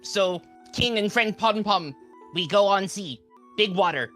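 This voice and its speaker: A woman's voice: medium pitch, measured pace, fairly bright tone, soft background music, close to an everyday voice. A woman voicing a proud male kobold strongman who speaks in broken, caveman-style phrases. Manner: broken caveman-style speech, talks of himself by name.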